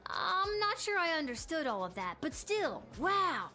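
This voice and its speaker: A woman's voice: very high-pitched, sing-song, measured pace, pushed and bright, heavily acted. A woman voicing a cheerful, wide-eyed twelve-year-old city guard in a video game. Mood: chirpy. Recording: game audio with faint music.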